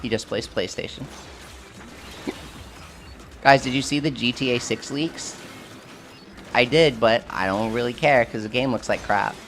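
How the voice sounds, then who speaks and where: A man's voice: mid-range voice, a little slow, long pauses, a bit bright, soft background music. A man streaming a game live, chatting casually with his viewers and answering their questions while he has the hiccups. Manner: chatty, self-deprecating, answers chat questions.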